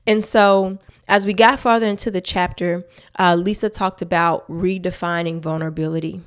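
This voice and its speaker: A woman's voice: lowish voice, steady tone, normal speed, clean tone. A woman hosting a faith-based podcast, talking earnestly and emphatically straight to her listeners. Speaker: podcast host.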